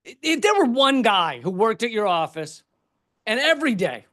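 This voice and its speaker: A man's voice: high voice, moderate pace. A man doing stand-up comedy as a keynote, who rants animatedly and swears freely. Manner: ranting, profane, animated.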